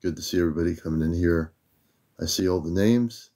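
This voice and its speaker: An older American man hosting a casual livestream, relaxed and easygoing, greeting viewers one by one by name. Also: sits low, fairly quick. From United States. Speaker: livestream host.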